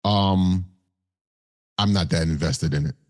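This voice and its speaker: A man's voice: sits low, slow. A man co-hosting a podcast in casual chat, laid-back and slangy with jokes. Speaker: podcast co-host.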